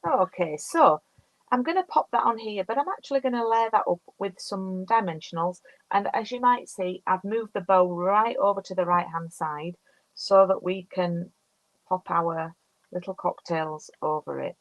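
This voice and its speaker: A woman's voice: medium pitch, moderate pace, dry recording, lo-fi sound. A woman in her fifties from the UK, chatting casually as she demonstrates card making and reads out viewer comments. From United Kingdom. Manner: chatty, talks through each step while working. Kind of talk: casual live crafting chat.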